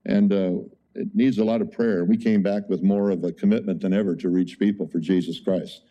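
A man preaching a conversational sermon as a pastor, telling an animated story with frequent exclamations. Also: deep voice, fairly quick, highs cut off.

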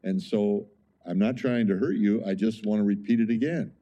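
A man's voice: lowish voice, normal speed, dark tone. A male pastor preaching a sermon in an emphatic, conversational way, often asking the congregation rhetorical questions.

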